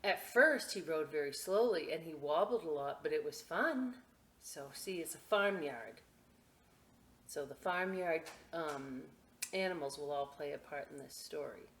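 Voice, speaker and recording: A woman reading picture books aloud at a library storytime, expressive and adding friendly asides for children. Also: low voice, a little hiss or hum. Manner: slow, expressive, chatty asides to kids.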